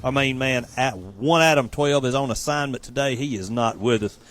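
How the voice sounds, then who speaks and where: A man hosting a sports talk radio show in a loose, jokey manner. His voice is of middle pitch and his delivery is upbeat. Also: moderate pace, a bit bright, faint music behind. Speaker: radio host.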